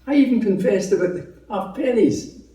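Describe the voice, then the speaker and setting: A man's voice: sits high, animated, normal speed, warm tone, roomy sound, far from the mic, low-quality recording. A Scottish man giving a personal testimony at a meeting, telling his story in a chatty, humorous way. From Scotland. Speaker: testimony speaker.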